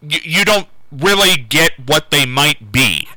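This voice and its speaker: A man hosting a call-in radio show, talking unscripted and halting, often repeating words and restarting. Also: a little high, lively intonation, pushed and bright, dry recording, low-quality recording. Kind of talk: casual unscripted call-in talk.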